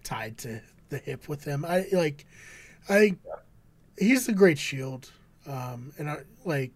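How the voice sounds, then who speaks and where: Brief: male co-host, slightly high voice, dry close mic, loose and easygoing. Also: expressive, slow pace, no room sound. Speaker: podcast co-host. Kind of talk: casual recap discussion.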